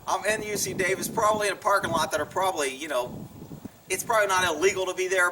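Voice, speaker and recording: A man's voice: high voice, far from the mic, noisy background. A man casually telling a personal story to the camera, chuckling often and acting out the people he quotes.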